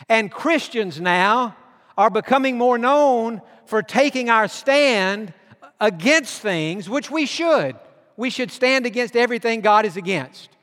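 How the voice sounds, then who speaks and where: A man preaching a sermon, swinging from loud declarations to hushed tones. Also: very high voice. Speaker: pastor. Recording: long hall reverb.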